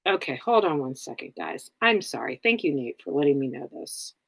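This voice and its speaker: A woman's voice: sits low, sing-song, brisk, creaky, fairly bright tone, dry recording. A woman hosting a casual livestream, answering viewers in a blunt, rambling way with many fillers. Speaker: livestream host.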